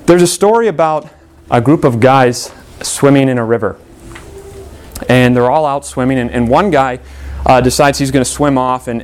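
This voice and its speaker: A man preaching a sermon. His voice sits a little high, and he swings it up to stress a point and drops it low and slow for the heavy parts. His delivery is earnest and he repeats phrases. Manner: earnest, repetitive preaching with sweeping pitch swings.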